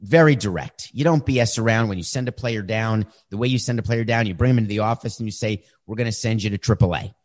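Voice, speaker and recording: Middle-aged guy, deep-ish voice, blunt storyteller answering mailbag questions. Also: quick pace, few pauses. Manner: direct, conversational, animated when retelling. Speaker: podcast host answering listener questions. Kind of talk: casual storytelling.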